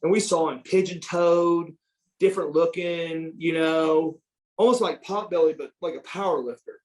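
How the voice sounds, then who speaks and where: A middle-aged man, an interview guest, telling stories in a casual, animated way, repeating words and acting out quotes. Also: on the high side, moderate pace. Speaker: interview guest, former pro wrestler. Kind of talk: casual storytelling.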